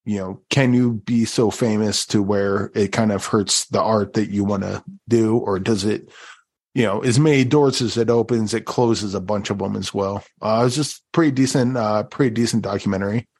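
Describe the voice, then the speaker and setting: A man's voice: fairly low pitch, darkish tone. A man co-hosting a podcast and talking casually, loose and conversational, with lots of ums and you-knows. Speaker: podcast co-host and interviewer.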